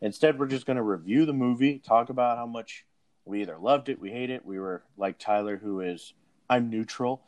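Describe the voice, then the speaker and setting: A man's voice: mid-range voice, brisk, a little mellow. A man hosting a casual movie review podcast, talking in a rambling way with many fillers and restarts. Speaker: podcast host.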